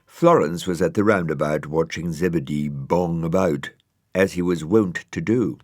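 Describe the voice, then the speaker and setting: A man narrating a children's storybook in a gentle, wry manner. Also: deep voice, moderate pace, no room sound.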